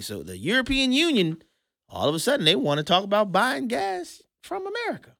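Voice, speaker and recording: A man hosting an opinionated commentary show, emphatic and sarcastic, swinging between loud and hushed. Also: high-pitched, wildly swooping pitch, a little fast, gravelly, no echo, clean studio sound.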